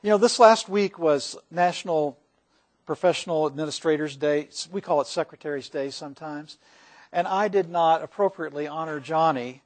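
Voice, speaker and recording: A man pastor delivering a sermon to his congregation, earnest, rising when he reads scripture. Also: fairly high pitch. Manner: earnest preaching, swells for quoted scripture. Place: church sanctuary.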